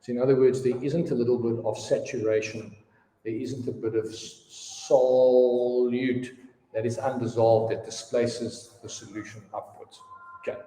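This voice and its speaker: A man's voice: medium pitch, flat delivery, a little slow, warm tone, a little hiss or hum. A man in his fifties teaching a class, chatty and given to storytelling asides. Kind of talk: classroom lesson. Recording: echoey room with long reverb.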